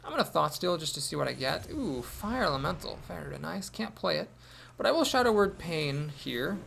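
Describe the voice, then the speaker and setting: A man's voice: on the high side, very animated, moderate pace, vocal fry, a bit bright, a little hiss or hum. A man thinking aloud as he commentates his own card game, with wry asides. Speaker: gameplay commentator.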